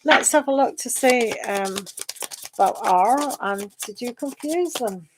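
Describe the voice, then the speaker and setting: Chatty higher-voiced woman, noisy room. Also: expressive, unhurried. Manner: chatty, reads viewer questions aloud. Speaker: tarot reader. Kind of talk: live-stream tarot reading.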